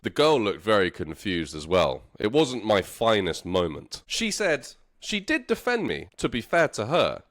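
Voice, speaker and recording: Guy teaching through a story, repeats stuff, voice swoops all over. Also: on the low side. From London. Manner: slow, repetitive, playful and animated with laughs. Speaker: English teacher. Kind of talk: storytelling lesson for learners.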